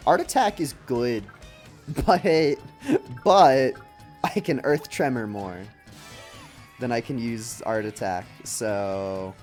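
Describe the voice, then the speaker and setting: A man's voice: medium pitch, slow pace, pauses often, darkish tone. A young man giving casual, chatty live commentary while playing a video game, laughing often and slipping into silly voices. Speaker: streamer. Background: faint game music.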